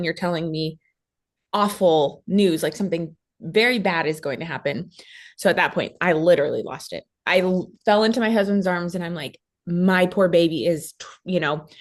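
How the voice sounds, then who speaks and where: A woman in her thirties, a guest mother retelling a traumatic hospital week, talking quickly with many fillers and acting out what others said. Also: fairly low pitch. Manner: fast storytelling with many fillers, acting out quoted voices. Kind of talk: emotional personal recount.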